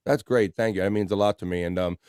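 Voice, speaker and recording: A man's voice: fairly low pitch, fast, darkish tone, clean tone, dry recording, studio quality. A man hosting a livestream in a casual, laid-back chat, reading out viewer comments and swearing freely. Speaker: livestream host.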